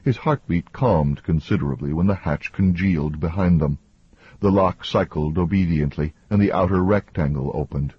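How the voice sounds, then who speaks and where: A man reads an audiobook in an even, measured way. His voice is very low and deeply husky, almost breathy. The recording is close and dry, with a slightly dull top end. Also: no echo. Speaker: audiobook narrator. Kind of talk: scripted narration.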